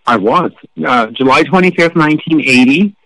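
Middle-aged male rock journalist; lively, profane, snarky storyteller; dry, close recording. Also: on the high side, normal speed, dry recording, rough recording. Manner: animated, profane, snarky anecdotes. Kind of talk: casual interview storytelling.

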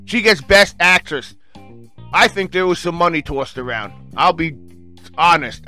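Man vlogger with a bright, slightly high voice, reviews movies in an animated, profane rant. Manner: excitable, swears, keeps saying "freaking". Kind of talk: casual rant reading off a webpage.

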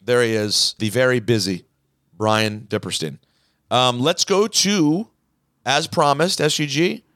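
A man's voice: medium pitch, a little slow, dry recording. Dry-sounding man hosting a podcast. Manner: animated, reads listener emails aloud. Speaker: podcast host. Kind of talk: casual chat, reading mailbag.

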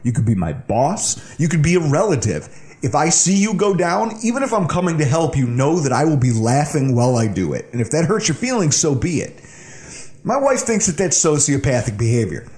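A man's voice: fairly high pitch, sing-song, a little fast, darkish tone. A man in his thirties from the Buffalo area, co-hosting a podcast and telling a funny story in a casual, laughing way. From Buffalo, New York area. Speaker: podcast co-host.

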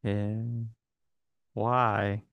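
A man's voice: on the low side, level tone, extremely slow, creaky, smooth, no echo, muffled recording. Young Baltimore man, dry close mic. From Maryland, USA. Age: 20s. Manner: rambling, heavy use of "like". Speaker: podcast host. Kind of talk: casual chat.

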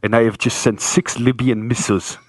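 A man's voice: mid-range voice, steady tone, brisk, no room sound, voice pushed down, close to an everyday voice. A man putting on the voice of a foreign dictator making a threatening prank phone call. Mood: menacing.

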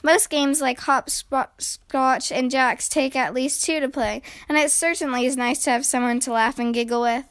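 Soft kindly mother bear from a storybook, read by a woman, high voice, smooth and dry. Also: fairly even intonation, normal speed, few pauses, no room sound. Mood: gentle. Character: gentle, patient mother bear.

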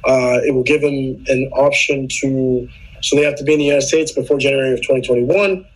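Husky man explaining policy earnestly. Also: medium pitch, fairly even intonation, brisk, rough recording. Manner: earnest, explanatory, with frequent restarts. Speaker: podcast guest. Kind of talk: casual political chat.

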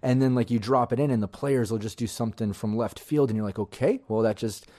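A man's voice: medium pitch, fast, warm tone. A man co-hosting a tabletop game podcast in casual chat, enthusiastic and rambling. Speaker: podcast co-host and game master.

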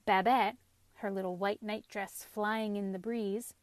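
A woman narrating a children's storybook aloud in a lively, expressive way. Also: mid-range voice, measured pace, no echo.

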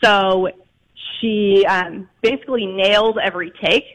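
A man from Chicago is a guest author in an interview. He tells anecdotes briskly, with lots of little fillers. His voice has a bright, forceful edge. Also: sits high, low-quality recording. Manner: lively anecdote-telling with fillers. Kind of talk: storytelling interview.

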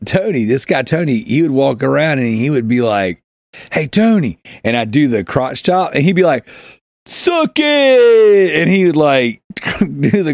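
Telling a funny story on his podcast, this man wanders off track, laughs along, and shouts out the quotes as he acts them. His medium pitch carries vocal fry, and the studio-quality recording has no echo.

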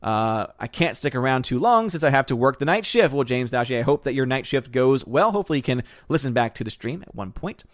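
A man's voice: mid-range voice, very animated, fairly quick, few pauses, no room sound, clean studio sound. A young man hosting a casual livestream, reading viewer comments aloud and chatting back in a rambling, easygoing way. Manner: chatty, rambling, laughs often, thanks viewers warmly. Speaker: livestream host reading chat.

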